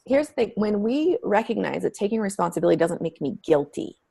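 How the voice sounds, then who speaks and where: A woman's voice: medium pitch, very animated, brisk, gravelly, dark tone, slightly rough. A middle-aged woman speaking candidly as an interview guest, telling stories with emphatic, frank language. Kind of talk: conversational interview.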